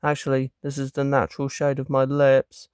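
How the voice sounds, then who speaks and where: A man's voice: mid-range voice, monotone, moderate pace, a little mellow, clear, resonant tone, no echo, clean studio sound, voice pushed up, natural voice. A man voicing a meek comic-strip character who nervously explains his red lips.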